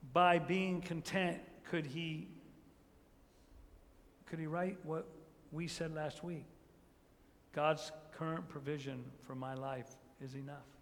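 A somewhat high-voiced man delivers a sermon as pastor, his words trailing off into a long hall reverb. He drops to hushed, drawn-out emphasis, then climbs to loud peaks, repeating phrases and asking rhetorical questions. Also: slight background noise.

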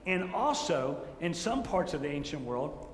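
A man preaching a sermon, telling stories with lively rhetorical questions and acting out the quotes. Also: on the high side, unhurried, a little hiss or hum. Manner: animated storytelling, rhetorical questions, acts out quotes. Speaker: pastor. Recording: echoey hall with faint ambience.

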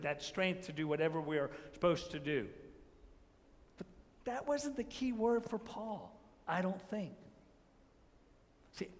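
Preaching man in a reverberant hall. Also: a little high. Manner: swings between hushed emphasis and loud rising peaks; repeats phrases, asks rhetorical questions. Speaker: pastor. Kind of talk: sermon.

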